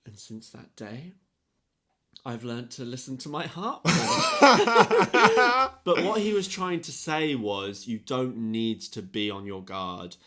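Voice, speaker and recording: Animated young man telling a story. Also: mid-range voice, unhurried. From England. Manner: animated storyteller, acts out quotes with swearing. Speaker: podcast co-host. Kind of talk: casual chat, storytelling.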